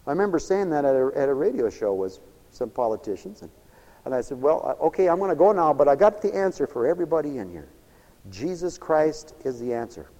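Lively preaching man in a reverberant hall. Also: a little fast. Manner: swings from loud high exclamations to low murmurs. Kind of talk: sermon.

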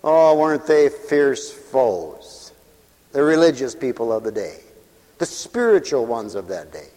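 A man's voice: mid-range voice, very animated, a little slow, warm tone. A man preaching a fervent sermon, calling out hallelujah and glory between points and laughing often. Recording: reverberant hall.

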